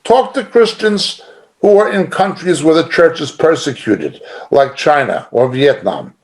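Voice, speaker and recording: A man's voice: on the high side, expressive, a little slow. A middle-aged man teaching an informal sermon in a conversational, emphatic way, chuckling now and then. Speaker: Bible teacher.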